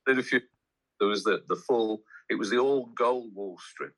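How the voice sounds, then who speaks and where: A man talks as a guest in a loose, rambling way, drifting from one memory to the next. His voice sits very low, yet it has a bright, forward edge. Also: normal speed, breathy edge, low-quality recording. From English West Midlands. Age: 60s. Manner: rambling, anecdotal. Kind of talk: casual chat.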